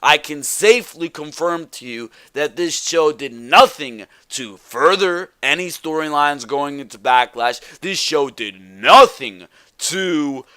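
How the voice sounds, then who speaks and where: Male reviewer, exasperated rant, clear resonant tone, higher register. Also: animated, takes it slowly, pushed and bright, dry recording. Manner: exasperated, repetitive rhetorical questions. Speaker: wrestling show reviewer. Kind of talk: ranting solo review.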